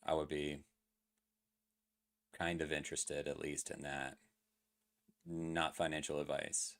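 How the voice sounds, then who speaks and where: A man's voice: rumbling low, flat delivery, takes it slowly. A man streaming live, talking casually through crypto chart analysis with lots of fillers and questions to his chat. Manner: loose, filler-heavy, asks chat questions.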